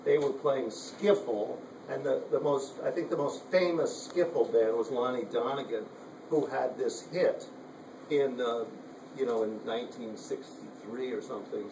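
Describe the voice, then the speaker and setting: A man's voice: medium pitch, moderate pace, noisy background. A man teaching a writing workshop in a loose, rambling way, full of "you know" and "like.". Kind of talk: casual workshop talk. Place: room at a writers' retreat. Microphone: handheld camera from across the room. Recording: roomy, distant camera audio.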